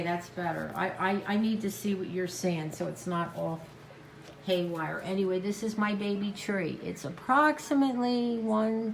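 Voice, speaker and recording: A woman's voice: medium pitch, slight background noise. A tired woman talking casually at home in a rambling crafts vlog, restarting her sentences often. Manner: rambling, warm-hearted, with many restarts. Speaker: craft vlogger. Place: at home, on a couch.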